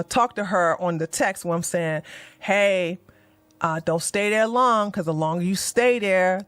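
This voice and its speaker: A woman doing heated livestream commentary, blunt and animated, swearing and mocking as she swings from low muttering to loud outbursts. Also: dry recording. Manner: swears and mocks. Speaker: commentary streamer.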